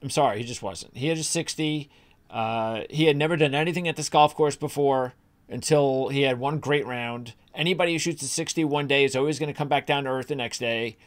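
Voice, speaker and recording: A man's voice: medium pitch, brisk. A man co-hosting a golf betting podcast, opinionated and rambling, with frequent restarts and fillers. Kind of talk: casual sports chat.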